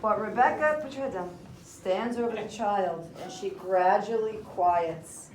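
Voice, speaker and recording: A woman's voice: mid-range voice, measured pace, background noise. A woman teacher narrating a play to her class, telling it dramatically and breaking off with asides to her students. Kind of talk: animated narration and explanation in class. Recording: echoey room from far off.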